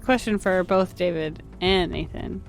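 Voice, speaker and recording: A woman playing a tabletop role-playing game, cheerful and quick to laugh. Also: fairly low pitch, soft background music. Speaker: player. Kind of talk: casual tabletop play.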